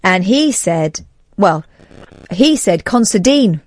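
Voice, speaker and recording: A woman's voice: fairly low pitch, normal speed, darkish tone, no echo. A woman in a radio studio making wry, chatty asides alongside the host. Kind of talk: casual radio chat.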